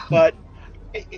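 A man chatting casually on a podcast, opinionated and emphatic, swearing freely. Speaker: podcast co-host. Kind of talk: casual chat. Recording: dull lo-fi sound.

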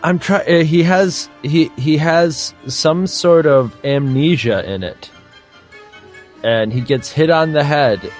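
A man's voice: fairly high pitch, slow pace, soft background music. A man co-hosting a podcast in casual, joking chat that drifts off on tangents. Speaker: podcast co-host.

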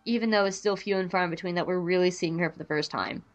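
A woman hosting a podcast in casual chat, talking in an animated, rambling way with frequent restarts. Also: on the low side, fast, faint music behind. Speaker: podcast host.

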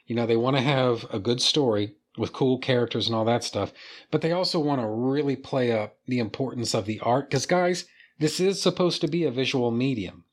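A man gives a casual, excited comic book review, cursing freely and talking straight to his viewers. His voice sits at a middle pitch, relaxed and conversational. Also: normal speed. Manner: enthusiastic, casual, swears freely. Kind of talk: casual video commentary.

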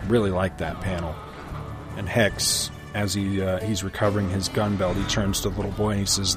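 Lowish-voiced man recapping a comic. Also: normal speed, music in the background. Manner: relaxed storytelling with asides. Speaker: comic book reviewer. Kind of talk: casual comic book recap.

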